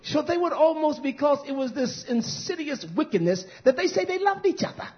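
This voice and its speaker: A middle-aged man preaching a fiery sermon, scolding, dropping to low mutters and whispers, then rising into loud outbursts. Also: animated, a little fast. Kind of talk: fiery street-style sermon. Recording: muffled lo-fi recording.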